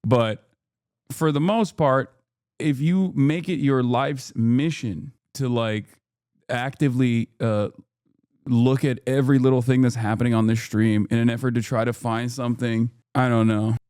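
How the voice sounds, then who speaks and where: A man's voice: medium pitch, steady tone, measured pace, a little mellow, clean tone, no echo, studio quality. A man livestreaming in casual commentary, ranting in a heated, profane and rambling way while he answers his chat. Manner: reads chat messages aloud and answers. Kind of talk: casual reactive stream commentary.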